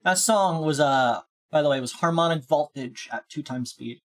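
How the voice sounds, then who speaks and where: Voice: medium pitch, normal speed. A VTuber game streamer chatting casually, goofy and self-mocking. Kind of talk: casual livestream chat.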